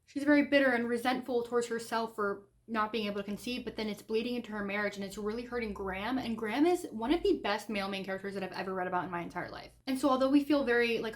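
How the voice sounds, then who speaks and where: A young woman vlogging about the books she is reading, chatty and gushing, with lots of "like" in her talk. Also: fairly high pitch. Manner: chatty and gushing, heavy use of "like". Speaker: book vlogger. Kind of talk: casual reading vlog.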